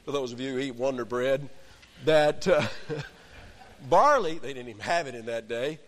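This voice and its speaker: A man preaching an expository sermon in an animated, conversational way, with joking asides. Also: mid-range voice, moderate pace, in a large hall.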